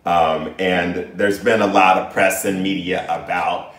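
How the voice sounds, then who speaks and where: Middle-aged man, low voice, earnest and reflective storyteller; recorded off-mic in an echoey room. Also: flat delivery, measured pace, fairly bright tone, distant mic. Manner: earnest and reflective, with frequent restarts. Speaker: guest, the host's father. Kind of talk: personal story in casual conversation. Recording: echoey room, voice off-mic, faint music behind.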